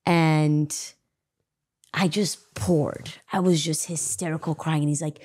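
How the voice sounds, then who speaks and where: Deep-voiced expressive woman host. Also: a little slow, slightly rough. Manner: expressive, emotional, lots of affirming interjections. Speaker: podcast host. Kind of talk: conversational interview.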